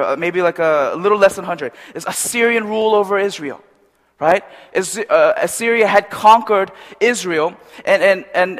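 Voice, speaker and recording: High-voiced male preacher in a reverberant hall. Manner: conversational, animated, with restarts and asides. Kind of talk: sermon.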